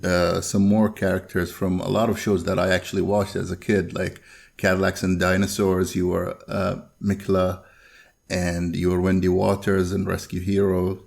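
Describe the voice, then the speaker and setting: This is a male podcast host with a very deep, gravelly voice. He asks earnest fan questions and fills his pauses with "uh" and "like". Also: monotone, darkish tone. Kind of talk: casual interview questions.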